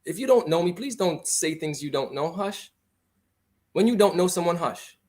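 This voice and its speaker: A man's voice: high voice, lively intonation, normal speed, darkish tone. A man from Grenada, speaking as a guest on a radio talk show in an impassioned, argumentative way.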